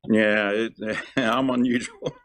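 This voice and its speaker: A man's voice: lowish voice, steady tone, slow, fairly bright tone, no echo. A middle-aged man from South Jersey, an actor and former firefighter, talking as an interview guest with many ums and uhs. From South Jersey, USA. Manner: rambling, lots of ums and uhs. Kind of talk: casual interview chat.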